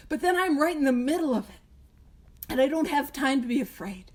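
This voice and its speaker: A woman's voice: high-pitched, lively intonation, a little fast, a little mellow. A woman giving a talk at a recovery meeting, joking and self-deprecating in a conversational way, heard over a video call. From Canada.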